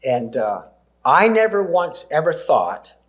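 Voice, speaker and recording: A Canadian man in his sixties, a preacher giving a sermon full of personal stories, with gentle laughs and emphatic pauses. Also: a little high, sing-song.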